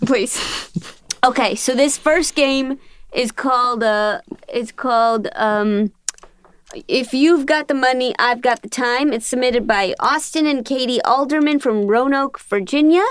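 A woman's voice: high-pitched, a little slow, clear, resonant tone, no echo. A woman co-hosting a comedy game podcast, playful, teasing and mock-indignant in casual chat. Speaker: podcast co-host.

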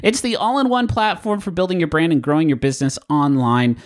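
A man's voice: fairly high pitch, brisk. A man co-hosting a podcast, reading sponsor ads in a playful, jokey way with theatrical asides. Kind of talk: comedic ad read.

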